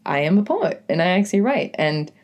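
A young woman with a deep, raspy voice and a New England accent, hosting her own podcast as a poet in a rambling, casual monologue full of "like" and "you know". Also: big pitch swings, fairly quick, darkish tone. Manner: rambling, lots of "like" and "you know", self-correcting.

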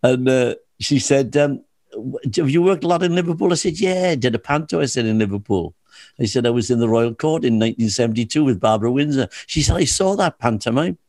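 A man's voice: mid-range voice, expressive, fairly quick, a little mellow, no echo. Older male actor, anecdotal, dry close-miked. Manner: chatty storyteller with laughs and restarts. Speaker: interview guest, comedy actor. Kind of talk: anecdotal chat.

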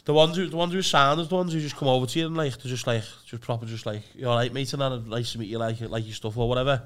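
A young man chatting on a comedy podcast, quick to jump in and swearing casually. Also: medium pitch, clean tone. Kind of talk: casual banter.

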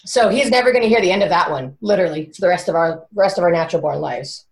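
Chatty host, woman, animated storyteller who swears freely; roomy room sound. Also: on the low side, quick pace. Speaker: podcast host telling a story. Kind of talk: casual storytelling chat. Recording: roomy echo.

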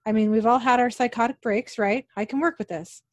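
A woman's voice: fairly high pitch, steady tone, a little fast, dry recording, lightly acted. A woman voicing a fussy, exasperated middle-aged male TV producer in a read-aloud recap.

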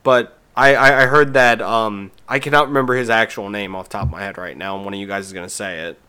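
A man's voice: lowish voice, steady tone, quick pace, bright, forceful tone, smooth. Rambling man hosting a casual chat. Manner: rambling, with many restarts and fillers. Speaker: podcast host.

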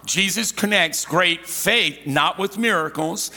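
A man's voice: high voice, slow pace, sharp tone, in a large hall. A male pastor preaching a sermon, emphatic and repetitive, often asking the congregation to respond. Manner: emphatic, repeats key phrases, asks congregation to respond.

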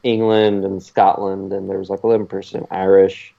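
A man's voice: low voice, little pitch movement, moderate pace, creaky, warm tone. A man co-hosting a podcast, chatting casually, rambling a little and laughing often. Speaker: podcast co-host. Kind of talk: casual chat. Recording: dull lo-fi recording.

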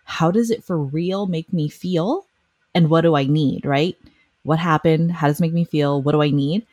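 A woman's voice: deep voice, moderate pace, a little mellow, no echo. A woman hosting a casual podcast conversation, talking animatedly and acting out quoted lines in other voices. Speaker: podcast host.

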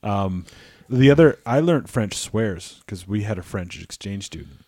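A man's voice: lowish voice, expressive, a little slow, dark tone, no echo, clean studio sound. Rambling, swearing man. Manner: swears freely, rambling with restarts. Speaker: podcast co-host. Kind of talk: casual crude banter.

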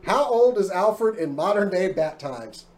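A man's voice: high voice, animated, a little slow, a little mellow. A man in his thirties hosting a podcast in casual chat, rambling and jokey, often stopping to restart his sentences. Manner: rambling, jokey, self-interrupting. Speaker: podcast host.

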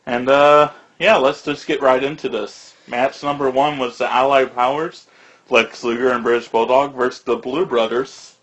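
A man's voice: mid-range voice, steady tone, moderate pace, fairly bright tone, dull audio. A man co-hosting a podcast in easygoing casual chat, who often laughs along. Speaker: podcast co-host.

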